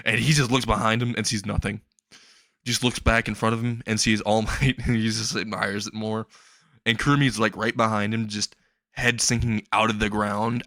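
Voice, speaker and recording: A man's voice: on the low side, sharp tone, dry recording. Male storyteller, improvised comic narration, rambling and amused; dry, close sound. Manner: rambling, laughs at his own jokes.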